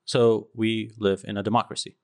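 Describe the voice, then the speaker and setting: A man co-hosting a podcast, chatting casually with wry, deadpan sarcasm. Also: fairly low pitch, normal speed, dry recording, studio quality. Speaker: podcast co-host. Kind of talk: casual chat.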